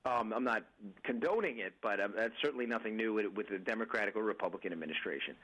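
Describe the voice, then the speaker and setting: A man's voice: fairly low pitch, fast, fairly bright tone, low-quality recording. A man speaking as a guest and political candidate on a radio interview, talking emphatically with frequent restarts and addressing listeners as folks.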